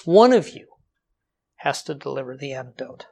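A man preaching a sermon, slowing down for scripture and rising sharply for emphasis. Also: lively intonation, creaky. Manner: dynamic delivery, slows for scripture, jumps high for emphasis, drops to quiet.

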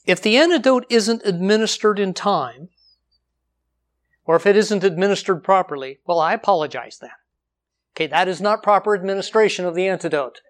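A man preaching a sermon. His delivery moves widely, slowing to read scripture, jumping up in pitch and volume to drive a point home, then sinking to a near hush. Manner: dynamic delivery, slows for scripture, jumps high for emphasis, drops to quiet.

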